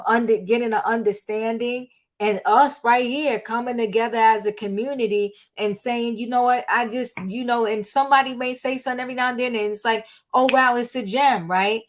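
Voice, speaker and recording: In a fairly high-pitched, steady voice at normal speed, an older woman runs a casual live talk show in an online audio room. She's chatty and earnest, using plenty of fillers.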